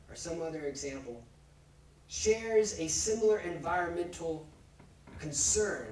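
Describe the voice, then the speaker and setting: A male pastor preaching a sermon in measured, steady cadences, building his points through repeated refrains. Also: on the high side, a little hiss or hum. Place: church sanctuary. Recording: echoey church from far off.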